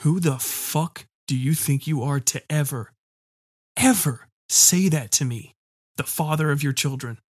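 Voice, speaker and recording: A man's voice: fairly high pitch, measured pace, dry recording, clean studio sound. A man voicing a controlling, menacing husband who speaks in a demanding way. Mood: angry. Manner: demanding, then eerily calm.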